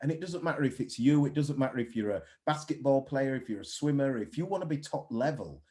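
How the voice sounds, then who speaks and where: A man's voice: mid-range voice, quick pace. A man, a mindset coach speaking bluntly and animatedly in a casual interview. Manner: blunt, animated storytelling with swearing.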